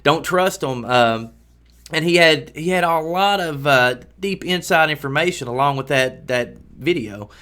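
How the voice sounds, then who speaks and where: A man's voice: a little high, expressive, unhurried, bright, forceful tone, clear, resonant tone. A man hosting a show who tells a story in a mock-serious, rambling, hesitant way with playful exaggeration. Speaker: show host.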